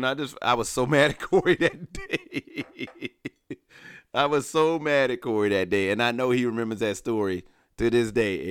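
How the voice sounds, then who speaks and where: A man co-hosting a podcast, telling a story in a casual, animated way with acted-out quotes and laughter. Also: mid-range voice, clean tone, no room sound, clean studio sound. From Alabama. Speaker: podcast co-host.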